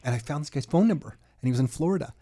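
Animated male talk show host. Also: a little high, racing. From Canada. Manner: animated storyteller, laughs often. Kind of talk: casual interview chat.

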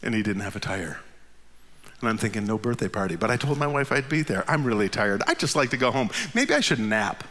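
A man in his fifties telling a funny personal story, his voice leaping up at the punchlines and sinking low and quiet for the tired asides. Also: a little fast, long reverb tail, a little hiss or hum. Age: 50s. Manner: animated, jumps high in pitch at the funny parts.

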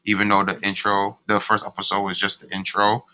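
A man's voice: fairly low pitch, completely flat delivery, fairly quick, pushed and bright, low-quality recording. A young man co-hosting a casual couple podcast, laid-back and profane, laughing often. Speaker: podcast co-host.

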